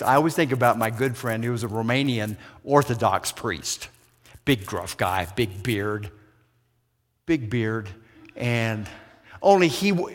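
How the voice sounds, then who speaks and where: A man preaching a sermon as pastor, telling stories with energy and quizzing his congregation with questions. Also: mid-range voice. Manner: animated storytelling with questions to the congregation. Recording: long church hall reverb.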